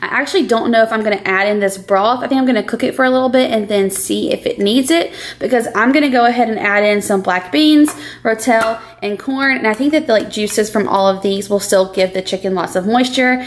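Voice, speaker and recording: Cooking in her home kitchen, a young vlogger chats casually with her viewers and keeps calling them "y'all." She talks fairly fast with hardly any pauses, and her voice sits on the high side.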